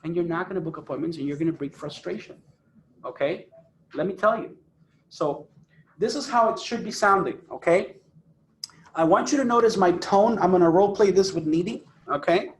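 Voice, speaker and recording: A man's voice: high voice, normal speed, roomy sound, a little hiss or hum. A man coaching a phone sales team, emphatic and repeating points for stress. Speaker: sales trainer. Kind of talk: phone sales training talk. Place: office phone room.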